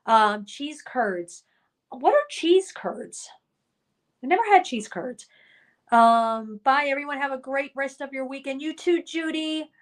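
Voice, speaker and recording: High-voiced woman hosting a live stream, slow-paced. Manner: reads viewer comments aloud, chatty and upbeat. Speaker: livestream host. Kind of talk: casual chat reading live comments.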